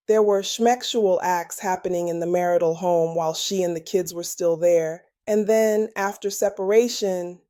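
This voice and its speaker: Sassy woman with a mellow voice. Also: mid-range voice, no room sound, clean studio sound. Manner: sassy, playful slang asides. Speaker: podcast host. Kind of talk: scripted true-crime commentary.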